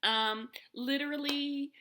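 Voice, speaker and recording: A woman's voice: high-pitched, steady tone, slow, pushed and bright, a little hiss or hum. A woman telling a personal story to the camera in a casual, rambling way, with lots of fillers and restarts.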